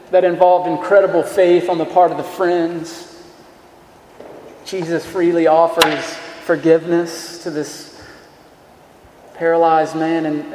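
A man's voice: on the high side, a little mellow. Man, preacher, sermon, earnest, rhetorical questions, echoey hall, faint background noise.

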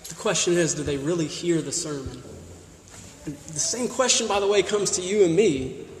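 A man with a high-pitched voice preaches a sermon in a church sanctuary, driving his points home with one rhetorical question after another. His voice rings through a roomy space with a long, lingering reverb. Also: moderate pace, slight background noise. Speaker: pastor. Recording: echoey hall with long reverb.

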